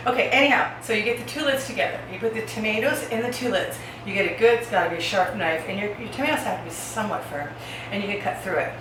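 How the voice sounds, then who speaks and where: A woman's voice: mid-range voice, background noise. A woman hosting a casual home cooking demonstration, chatting to viewers as she chops vegetables. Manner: chatty, talks to viewers while chopping. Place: home kitchen. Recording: very echoey kitchen, far from mic, dish clatter.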